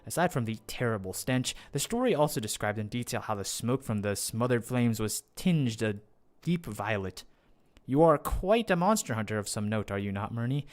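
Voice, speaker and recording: A man voicing a composed noble male knight in measured, courtly phrasing. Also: medium pitch, big pitch swings, close to an everyday voice. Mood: commanding.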